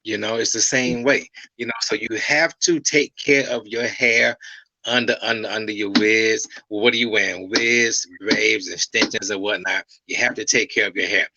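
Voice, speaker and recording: A man talks through hair care, circling back to his points and tossing in "right?" to keep the listener with him. His voice is bright and a little husky. The sound is dry and close. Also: lowish voice, fairly even intonation, moderate pace, no room sound, lo-fi sound. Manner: storytelling, repeats himself, checks in with "okay?" and "right?". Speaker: master stylist guest. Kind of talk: casual interview talk.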